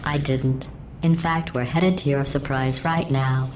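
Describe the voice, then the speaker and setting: An actress voicing a cold, sarcastic female AI that runs test chambers, speaking in a deadpan, passive-aggressive way through a synthetic robotic filter. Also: a bass voice, unhurried, background noise. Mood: mocking. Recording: echoey game audio with music behind.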